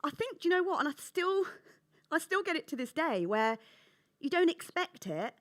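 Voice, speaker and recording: A woman author from England telling childhood stories in a conversational interview, acting out her younger self with animated voices. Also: very high-pitched, moderate pace.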